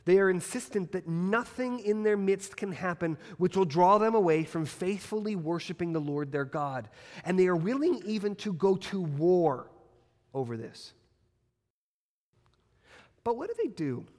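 Man preaching with a higher voice in a church hall. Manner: expressive preaching with strong pitch swings and emphatic slowing. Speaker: pastor. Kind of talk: sermon. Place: church sanctuary.

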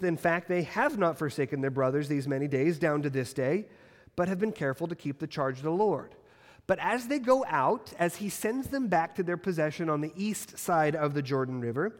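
A man pastor preaching a sermon to his congregation. He talks expressively, with big rises and falls in pitch, and slows down hard on key words. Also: big-room sound. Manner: expressive preaching with strong pitch swings and emphatic slowing. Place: church sanctuary.

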